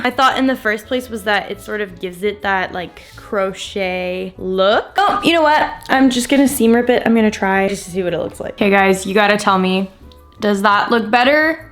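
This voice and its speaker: Young woman, crochet vlogger, chatty, excitable, at home, faint background music. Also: mid-range voice. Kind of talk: casual talk-to-camera vlog. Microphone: camera on a stand.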